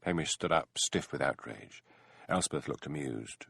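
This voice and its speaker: Audiobook narrator, male, measured storytelling, lively pitch, dry recording. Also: vocal fry, slightly rough, no echo. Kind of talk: scripted narration.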